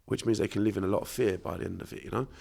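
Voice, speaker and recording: Sweary South London guest, rapid delivery, very gravelly, lowish voice, blunt and emphatic. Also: male voice, fairly even intonation, mellow. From Bermondsey, London. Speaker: podcast guest, unconscious mind therapist. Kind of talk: casual podcast interview.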